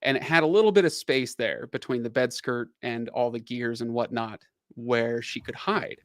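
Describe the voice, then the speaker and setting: Man, middle-aged, livestream host, animated storytelling, laughs a lot, mid pitch, dry close sound. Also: normal speed, no echo. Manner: animated, laughing, many fillers. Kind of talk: casual storytelling.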